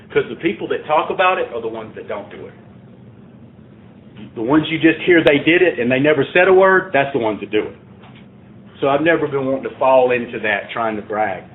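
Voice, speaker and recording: A man giving a plainspoken, earnest talk at a recovery meeting, building to emphatic points. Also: medium pitch. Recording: tinny phone-like sound.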